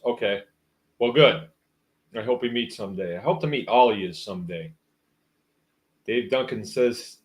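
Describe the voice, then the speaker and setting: Man, low voice, livestream host, reads chat comments, rambling, wry, casual. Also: unhurried, long pauses.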